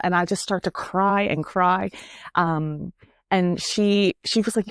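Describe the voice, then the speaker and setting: A woman guest, a spiritual coach, telling a personal story in a casual, earnest and expressive way. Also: fairly low pitch, slow pace, clear, resonant tone, no room sound, studio quality. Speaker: spiritual coach and energy healer, podcast guest.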